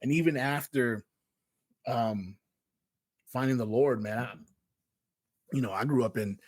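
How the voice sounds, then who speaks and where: A man's voice: medium pitch, a little slow, dry recording. Guy hosting a laid back bible talk, slangy, lots of man and yo, dry sound. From Houston, Texas. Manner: slangy and conversational, fills with "man", "yo", "you know what I mean". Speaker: host. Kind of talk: casual spoken Bible message.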